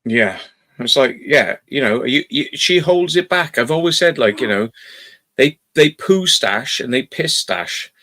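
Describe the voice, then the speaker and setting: A man's voice: mid-range voice, measured pace. A man in casual chat, ranting about a mishap with heavy swearing. He tells it as a story and acts out his own exasperated lines. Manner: swearing, animated storytelling with exasperated quoted asides. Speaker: host.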